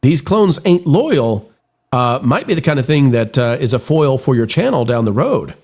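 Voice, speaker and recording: Animated man hosting a live news stream. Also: mid-range voice, normal speed. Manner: animated, theatrical delivery. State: getting over a cold. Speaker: show host.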